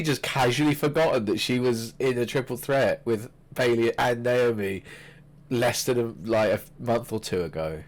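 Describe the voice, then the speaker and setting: A man's voice: medium pitch, normal speed. A man co-hosting a casual wrestling podcast, exasperated and prone to stammering restarts. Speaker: podcast co-host.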